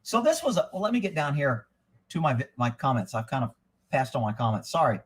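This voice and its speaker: A middle-aged livestream host with a husky, medium-pitched, expressive voice reads news headlines aloud at a brisk clip. After each one he launches into a profanity-heavy rant.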